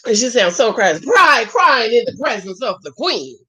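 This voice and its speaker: A woman's voice: fairly high pitch, big pitch swings, normal speed, sharp tone, slightly rough. A woman in her forties from Jamaica, chatting and exclaiming as she reacts live to a show, greeting her viewers. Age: 40s. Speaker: reaction host. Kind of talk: live watch-along commentary.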